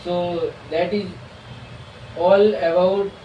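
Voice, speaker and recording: A man's voice: high-pitched, steady tone, very slow, lo-fi sound. A man from India with an Indian accent, giving a hesitant prepared presentation as a student, full of filler sounds and restarts. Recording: echoey room, far from mic, faint hiss.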